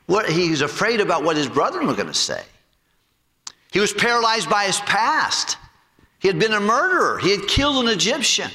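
A man preaching with lively, swinging pitch and a bright, forceful tone. He tells stories and acts out the voices of the people in them. His voice carries a long reverb, as in a big church hall. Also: normal speed, long pauses. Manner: animated storytelling, acts out voices and jokes. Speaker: pastor. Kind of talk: sermon.

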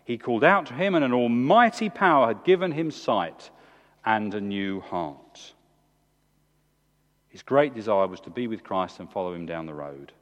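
A man, preaching a sermon in a church with emphatic, animated delivery. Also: moderate pace, dull audio. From England. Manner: animated, emphatic preaching with big swings in pitch. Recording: long hall reverb.

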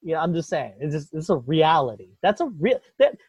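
Profane, animated male ranter. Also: on the high side, fairly quick, husky, dry recording. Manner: profane, animated ranting with mock voices. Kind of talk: casual political chat. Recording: dull lo-fi dry sound.

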